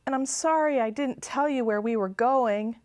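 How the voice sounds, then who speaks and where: A woman's voice: a little high, moderate pace, a little mellow, dry recording, studio quality, voice pushed up, close to an everyday voice. A woman voicing a cautious, nervous little girl in a storybook reading. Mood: earnest. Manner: timid, careful.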